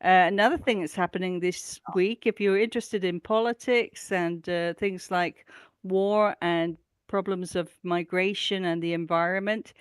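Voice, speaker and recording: A woman's voice: lowish voice, fairly even intonation, moderate pace, clean tone, dry recording. A woman presenting a regular events roundup on a talk show, chatty and enthusiastic, with lots of ums and uhs. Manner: chatty, enthusiastic, with frequent fillers. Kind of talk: casual community news roundup.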